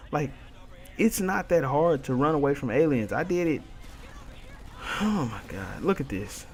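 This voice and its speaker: A man's voice: a little high, animated, measured pace, pauses often. A young man giving casual gameplay commentary, ranting in frustration about his teammates and repeating himself often. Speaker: gaming video commentator.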